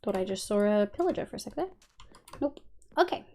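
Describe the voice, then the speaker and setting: A woman's voice: mid-range voice, big pitch swings, a little fast, mellow, slight background noise. An Australian woman live-streaming a game, chatting casually with viewers, thinking aloud and swearing freely. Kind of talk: casual gameplay chat answering viewers.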